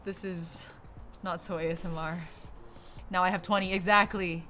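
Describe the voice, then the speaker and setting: A woman's voice: on the low side, moderate pace, soft background music. A young woman streamer chatting casually and swearing as she repots plants at home, giggling often. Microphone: streaming setup with a camera. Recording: steady background noise.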